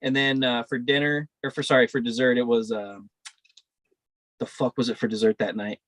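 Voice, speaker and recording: Young dude rambling a cursing story on a podcast, mid-pitch, dry. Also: male voice, little pitch movement, normal speed, fairly bright tone, no room sound. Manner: profane, rambling, laid-back storytelling. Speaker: podcast co-host. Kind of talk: casual storytelling chat.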